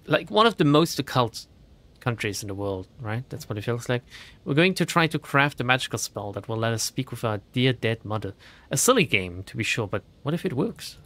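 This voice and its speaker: In a let's play of a horror game, a gaming streamer talks through his run and reads the text on items aloud. His voice is mid-range with a fairly bright tone.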